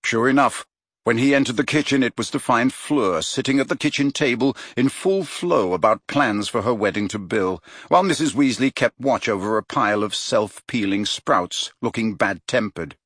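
A man narrating an audiobook in an expressive, measured way. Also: medium pitch, dry recording, clean studio sound. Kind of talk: scripted narration.

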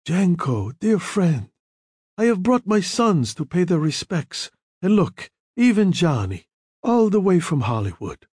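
A man's voice: very high-pitched, expressive, very slow, creaky, few pauses, mellow, slightly rough, dry recording, clean studio sound, voice pushed up, full character voice. A man reading a book aloud, voicing a grave, comforting old crime boss. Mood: cheery.

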